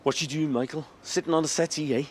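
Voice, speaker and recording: A comic actor playing a pushy, jeering Liverpudlian pal in a sketch. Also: male voice, on the high side, fairly even intonation, fast talker, slight background noise, close to an everyday voice. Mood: needling. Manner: wheedling, jeering. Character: pushy scouse pal begging for work. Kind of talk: sketch comedy acting.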